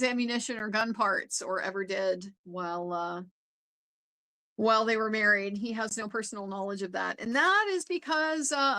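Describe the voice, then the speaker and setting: A woman's voice: mid-range voice, bright, forceful tone, rough recording. An American woman giving a chatty, casual recap of a court trial, with frequent fillers and laughs. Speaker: legal commentator.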